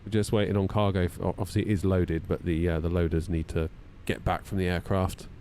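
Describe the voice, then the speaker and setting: A man's voice: deep voice, little pitch movement, brisk, a little mellow, slight background noise. A man in his thirties, chatting casually on a live stream while running through flight checklists, self-deprecating and talkative. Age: 30s.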